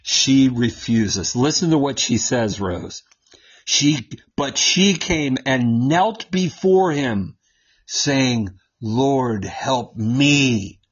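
A man teaching from the Bible to his co-hosts in a lively, conversational way, often checking in with a quick "right?" and laughing as he explains. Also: mid-range voice, breathy edge, highs cut off. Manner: animated, keeps asking "right?" and laughs while explaining. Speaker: Bible teacher on a talk show.

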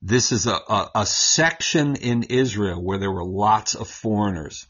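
A man teaching from the Bible to his co-hosts in a lively, conversational way, often checking in with a quick "right?" and laughing as he explains. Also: lowish voice, breathy edge, lo-fi sound. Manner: animated, keeps asking "right?" and laughs while explaining. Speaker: Bible teacher on a talk show.

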